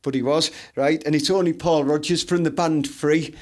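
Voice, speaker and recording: High-voiced Teesside man teasing crudely. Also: fairly even intonation. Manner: quick, laughing, crude teasing. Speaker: podcast co-host. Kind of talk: crude comedic banter.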